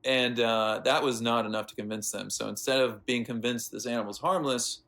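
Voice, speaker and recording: An American man, a veterinarian guest, telling animated stories in a casual interview with plenty of fillers. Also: medium pitch, moderate pace, gravelly. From United States. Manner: animated anecdotes with lots of fillers.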